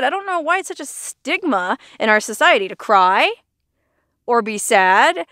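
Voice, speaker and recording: A woman's voice: on the high side, big pitch swings, a little slow, bright, forceful tone, no room sound, studio quality. Chatty woman vlogging outdoors. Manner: chatty and earnest, laughing often, folksy exclamations. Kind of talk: casual outdoor vlog monologue. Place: outdoors in the desert near Las Vegas.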